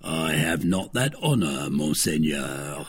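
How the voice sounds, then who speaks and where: A man voicing a timid, trembling male innkeeper in a storybook reading, speaking slowly and pleadingly. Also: rumbling low, expressive, gravelly, breathy edge, voice pushed down, full character voice. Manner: slow, pleading, deferential.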